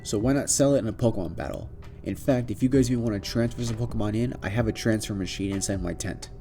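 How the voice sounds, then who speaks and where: A man voicing a serious, confident gym leader who speaks calmly and with command. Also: on the low side, fast, faint music behind, lightly acted.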